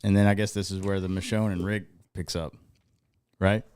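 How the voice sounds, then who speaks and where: A man's voice: deep voice, level tone, normal speed, darkish tone, a little hiss or hum. A man co-hosting a casual podcast in a laid-back way, swearing and saying dude. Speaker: podcast co-host. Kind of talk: casual sports and pop-culture chat.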